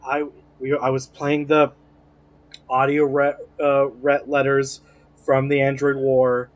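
A man improvising a defensive, rambling teacher who speaks in a flat, deadpan way. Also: mid-range voice, slow pace, lightly acted. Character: unhinged male teacher under review. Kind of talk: improv comedy scene.

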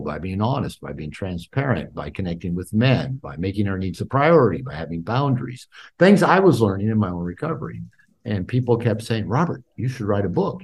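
A man's voice: fairly low pitch, a little mellow. An older man in an interview, a therapist and author, telling his personal story candidly and reflectively, with many fillers and restarts.

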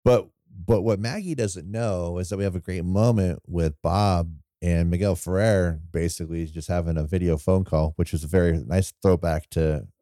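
A man with a very low, mellow voice talks through a movie in loose, rambling podcast chat. He retells scenes with quoted asides and laughs, recorded close and dry. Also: steady tone, normal speed, hardly any pauses, dry recording. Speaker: podcast co-host. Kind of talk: casual film discussion.

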